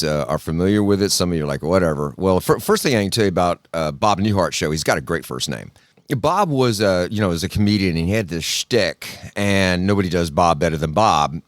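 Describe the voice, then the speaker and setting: A man's voice: deep voice, no room sound, clean studio sound. A man hosting a podcast, telling a story in a folksy, casual way and acting out the people in it. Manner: folksy storyteller, acts out quotes, frequent restarts. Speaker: podcast host. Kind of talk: casual solo talk.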